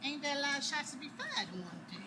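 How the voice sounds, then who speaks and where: A woman putting on an eager young enslaved boy who recalls the war with quick, excited dialect. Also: high-pitched, exaggerated voice. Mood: storytelling. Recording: noisy outdoor recording with passing traffic.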